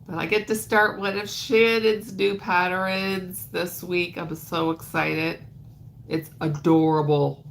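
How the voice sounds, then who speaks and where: A woman's voice: fairly low pitch, flat delivery, slow, gravelly, slight background noise. A woman hosting a crochet livestream, chatting casually in a rambling way and greeting viewers by name, her voice stuffed up and nasal.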